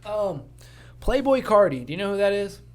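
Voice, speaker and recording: A man co-hosts a podcast in casual, profane chat, ranting and swearing in an animated way. His voice sits high, and he speaks at a normal speed.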